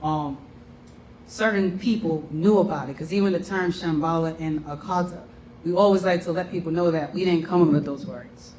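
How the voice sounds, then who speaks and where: Male teacher, high voice, casual talk, keeps checking in; distant mic. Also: normal speed, a little mellow. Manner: conversational, often checks in with "right?" and "you know what I'm saying?". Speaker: class teacher. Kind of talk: informal lecture. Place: room with a class. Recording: roomy and distant with faint noise.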